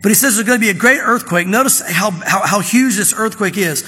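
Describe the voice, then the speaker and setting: Pastor guy preaching in a church, pretty high voice, kinda husky, big hall echo behind him. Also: lively intonation, bright, forceful tone. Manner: conversational preaching, reads scripture slowly and with emphasis. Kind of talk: sermon. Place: church sanctuary. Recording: long reverb of a church hall.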